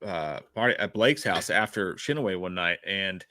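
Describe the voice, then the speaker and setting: A man's voice: low voice, moderate pace, noisy background. A young adult man co-hosting a live show, chatting casually and telling rambling, crude stories. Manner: rambling, crude, lively storytelling. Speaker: podcast co-host.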